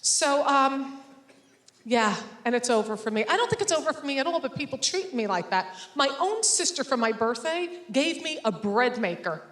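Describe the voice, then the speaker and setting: A woman stand-up comic works a crowd with sarcasm. She acts out quick back-and-forth dialogue in a fairly high voice. The room rings with echo around her. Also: expressive, a bit bright. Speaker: stand-up comedian. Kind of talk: stand-up comedy set. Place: stage before a laughing audience.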